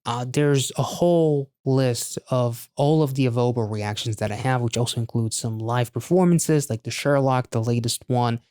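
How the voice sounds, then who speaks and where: Guy chatting through a music reaction, clear resonant voice, easygoing. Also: mid-range voice, moderate pace, hardly any pauses, a little mellow, no echo, studio quality. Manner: chatty, exclaims over the music. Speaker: reaction channel host. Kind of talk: casual reaction commentary.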